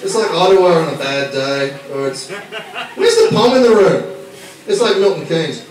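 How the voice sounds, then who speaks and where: A man's voice: fairly high pitch, very animated, moderate pace. Brash sweary Australian stand-up man. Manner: brash, sweary, teasing the audience. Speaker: stand-up comedian. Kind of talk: stand-up routine with crowd work. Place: small comedy bar. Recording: echoey club from far off, crowd laughter.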